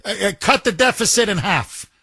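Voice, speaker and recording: A man hosting a call-in talk radio show, talking in an excitable, rambling and emphatic way. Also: high-pitched, moderate pace, breathy edge, dry recording. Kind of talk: talk radio, taking calls. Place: radio studio. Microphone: studio microphone.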